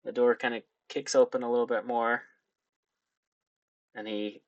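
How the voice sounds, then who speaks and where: A man narrating a tabletop role-playing game as game master, hesitant and filling pauses with ums. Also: medium pitch, flat delivery, no echo, muffled recording. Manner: hesitant, lots of ums and restarts.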